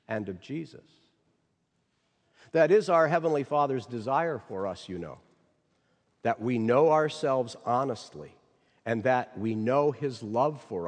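A man serving as a chaplain gives a devotional sermon in a slow, measured, earnest way. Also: mid-range voice, in a large hall.

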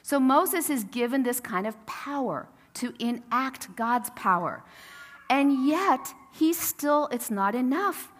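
A woman's voice: high voice, animated, slow pace. A woman pastor preaching a sermon in a casual, storytelling way, acting out the quotes. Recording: long reverb of a church sanctuary.

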